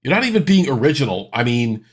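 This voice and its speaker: A man's voice: medium pitch, big pitch swings, fast talker, breathy edge. A man in his thirties hosting a reaction video, with sarcastic, exasperated ranting commentary.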